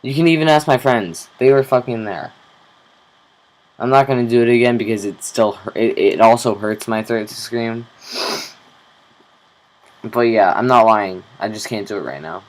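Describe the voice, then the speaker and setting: A young man talking slowly in a rambling, casual video diary, swearing offhandedly. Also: fairly low pitch, darkish tone, low-quality recording. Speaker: vlogger.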